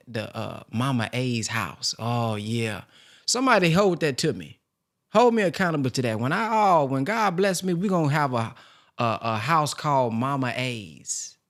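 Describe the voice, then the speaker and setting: Man just talking to his viewers, rambling with lots of ums, gravelly voice, dry close mic. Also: medium pitch, dry recording. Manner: rambling, heartfelt, slangy, many fillers. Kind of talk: casual personal talk to viewers.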